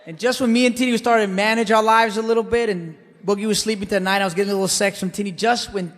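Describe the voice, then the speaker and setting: A man performing a brash, animated stand-up monologue, swinging between loud outbursts and hushed asides. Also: high-pitched, fast talker, long reverb tail. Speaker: comedian. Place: theater stage.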